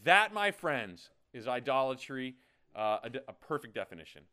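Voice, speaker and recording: A man's voice: medium pitch, sing-song, normal speed, sharp tone. A man preaching a sermon in a playful, conversational way, often checking in with "okay?". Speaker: pastor.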